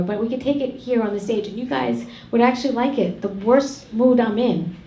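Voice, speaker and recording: A woman's voice: fairly high pitch, moderate pace, slight background noise. A middle-aged woman doing a brash, profane stand-up set on a comedy club stage. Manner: brash, profane, ranting delivery. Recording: echoey club with loud crowd.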